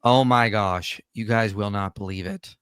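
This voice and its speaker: A man hosting a casual group chat, animated and joking, talking in quick bursts. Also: lowish voice, clean tone, dry recording, clean studio sound. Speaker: show host.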